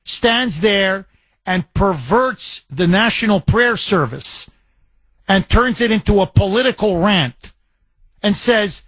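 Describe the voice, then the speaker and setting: High-voiced ranting talk radio host. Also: male voice, expressive, slow pace, a bit bright, no echo. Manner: ranting, indignant, emphatic. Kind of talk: political talk radio monologue.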